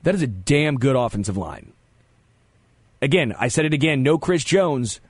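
Male sports talk host, animated and opinionated, average pitch, close dry studio mic. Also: normal speed, breathy edge, dry recording. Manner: animated, opinionated, stammers on restarts. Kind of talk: sports talk radio banter. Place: radio studio.

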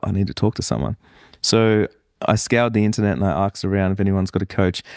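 A man hosting a solo podcast, talking candidly and rambling a little as he reflects out loud. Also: lowish voice, dry recording, clean studio sound. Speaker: podcast host. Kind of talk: casual solo podcast monologue.

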